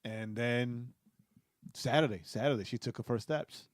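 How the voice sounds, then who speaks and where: A young adult man co-hosting a podcast, telling a story in an animated way, repeating words and asking "right?". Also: medium pitch, a little slow, no echo, studio quality. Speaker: podcast co-host. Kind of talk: casual chat.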